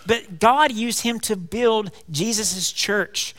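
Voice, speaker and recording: A man preaching a folksy, animated sermon, calling his congregation y'all. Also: high voice, slow pace. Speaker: pastor. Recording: long hall reverb.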